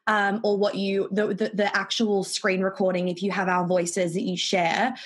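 A woman with an Australian accent, co-hosting a podcast in casual chat, breezy and quick with casual swearing. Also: medium pitch, flat delivery. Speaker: podcast co-host.

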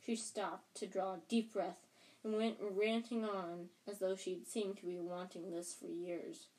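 A woman's voice: mid-range voice, level tone, measured pace, warm tone, low-quality recording. A woman reading a novel aloud, with slips and restarts. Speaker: reader.

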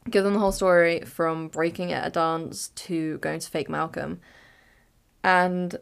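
A woman's voice: lowish voice, fairly even intonation, a little slow, gravelly, smooth. A woman in her late teens, hosting a podcast and telling a chaotic, giggly, dramatic story in a casual way. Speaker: podcast host.

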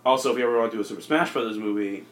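A man co-hosting a casual comedy podcast, rambling through a movie pitch with lots of fillers. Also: racing. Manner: rambling, filler-heavy, jumps into silly voices. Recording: echoey room.

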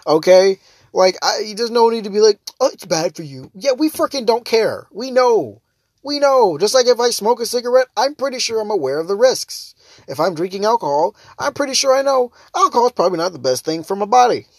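A man's voice: sits high, lively intonation, fairly quick, no echo, clean studio sound. A young man hosting his own show, ranting sarcastically and laughing often while he nurses a headache. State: has a headache, holds back laughter. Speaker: podcast and stream host. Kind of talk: casual solo monologue.

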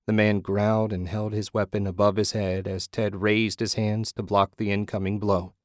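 Man, low voice, steady horror story narration, dry close sound. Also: normal speed, dry recording.

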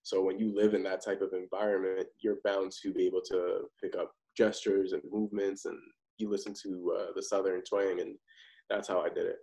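A man's voice: deep voice, flat delivery, brisk, warm tone, poor audio. A man, an actor and podcast guest, talking in a loose, confident, conversational way. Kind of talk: casual interview chat.

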